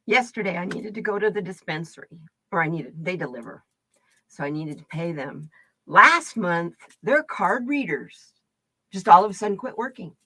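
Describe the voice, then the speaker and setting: A middle-aged woman from the United States chatting casually with her stream viewers, telling animated stories and laughing often. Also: medium pitch, no room sound. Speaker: livestream card reader host. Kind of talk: casual storytelling chat.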